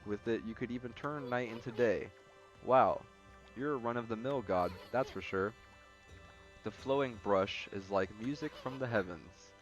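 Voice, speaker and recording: A man reading game dialogue aloud as a cocky tiny male artist sprite, in a steady, near-plain voice. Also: mid-range voice, moderate pace, lo-fi sound, faint music behind, lightly acted. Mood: wry.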